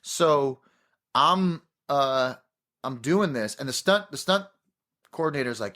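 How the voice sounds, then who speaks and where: A man's voice: mid-range voice, slow pace. A man, a guest actor, telling a story in casual chat. He restarts a lot and acts out what people said. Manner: animated storyteller, many restarts, acts out quotes.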